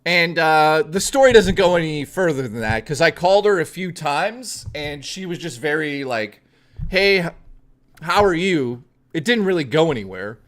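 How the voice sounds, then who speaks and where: A man streaming, telling a personal story in a casual, animated and profane way, often swearing that it is true. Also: fairly high pitch, moderate pace, hardly any pauses.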